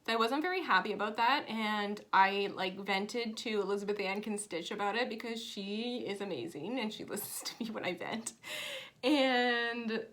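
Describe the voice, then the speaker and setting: A woman's voice: mid-range voice, normal speed, a bit bright. A woman in her thirties chatting casually to camera at home, telling a personal story with lots of emotion. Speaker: flosstube vlogger. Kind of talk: casual chat.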